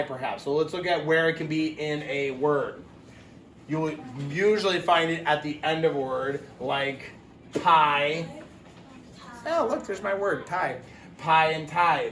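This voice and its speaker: A man's voice: on the high side, reverberant, slight background noise. A man teaching a phonics lesson for young children, upbeat and encouraging, stretching out the sounds he teaches.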